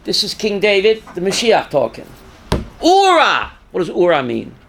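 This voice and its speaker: An older man, a rabbi teaching a class, reads scripture aloud with dramatic force, sometimes shouting, and questions his students. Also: high-pitched, huge pitch swings, normal speed, creaky, slight background noise. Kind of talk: Torah class lecture.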